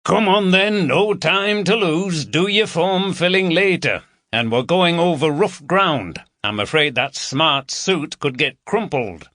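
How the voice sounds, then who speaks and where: Gruff-warm Yorkshire DCI, brisk and teasing, raised bright voice, read by a male narrator, audiobook. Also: fairly high pitch, lively intonation, no room sound, studio quality, voice pushed up. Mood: hearty. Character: jovial Yorkshire male chief inspector, teasing.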